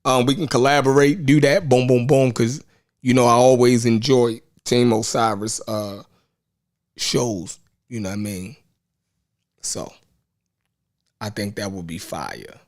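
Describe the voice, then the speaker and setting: A man with a Baltimore accent hosting a live online show, chatting in a rambling, laid-back way with lots of fillers and shout-outs to viewers. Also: medium pitch, unhurried, pauses often. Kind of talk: casual livestream chat.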